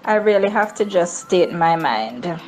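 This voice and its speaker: A Jamaican woman hosting a daily travel news segment, lamenting and sarcastic, with high mock-cheerful whoops. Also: lively intonation, measured pace, soft background music. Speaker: travel company news host.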